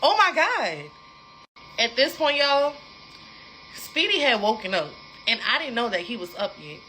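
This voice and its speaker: A young woman spins a dramatic storytime straight to her viewers, talking in a lively, repetitive way with a fairly high voice. A faint hiss sits under the recording. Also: moderate pace, low-quality recording. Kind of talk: casual storytime.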